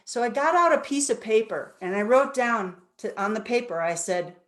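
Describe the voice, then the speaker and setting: A woman's voice: a little high, animated, normal speed, fairly bright tone. A woman in her fifties giving a personal storytelling talk as a guest speaker at a spiritual center, earnest and reflective. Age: 50s.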